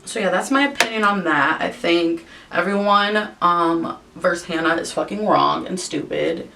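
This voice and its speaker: A young woman vents in a profane, exasperated rant while she does her makeup for a vlog. Her voice is low and gravelly. She sits a little back from the camera mic, with a faint rumble underneath. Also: normal speed, sharp tone, far from the mic. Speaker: vlogger.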